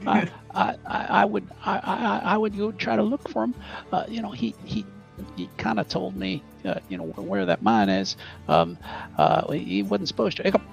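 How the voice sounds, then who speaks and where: A man's voice: high-pitched, lively intonation, normal speed, creaky, faint music behind, pitched above the performer's own voice, heavily acted. A man voicing a tipsy young frontier woman who stammers and hiccups, rambling and weepy. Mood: drunk, confiding.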